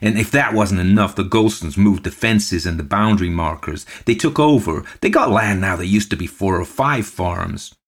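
Jeering drunken loafer, growly and loud, voiced by a male reader. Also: low-pitched, moderate pace, hardly any pauses.

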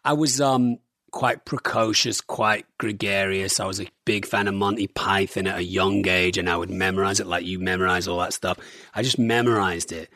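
A man telling stories in an animated, casual way, full of fillers, as a guest in a conversation. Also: sits low, moderate pace, no echo, clean studio sound. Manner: animated storyteller, lots of fillers like "like". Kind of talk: casual storytelling.

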